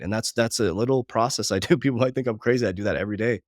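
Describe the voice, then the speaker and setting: A man in his forties who talks at a brisk clip in a lowish voice. He speaks with heartfelt emotion about faith and family. The sound is dry and close. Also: a little mellow, no echo. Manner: fast, heartfelt, religious. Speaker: business coach, guest. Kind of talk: emotional podcast conversation.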